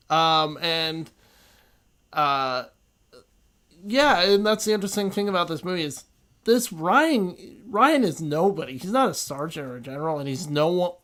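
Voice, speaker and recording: Male podcast co-host, somewhat high voice, relaxed plot recapper. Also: measured pace. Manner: relaxed, retells plot with fillers. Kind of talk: casual film discussion.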